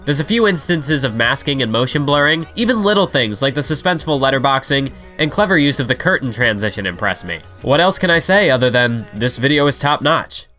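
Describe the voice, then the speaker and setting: A man's voice: mid-range voice, sing-song, a little fast, few pauses, sharp tone, faint music behind. A young man reading a scripted video review voice-over, analytical and now and then enthusiastic.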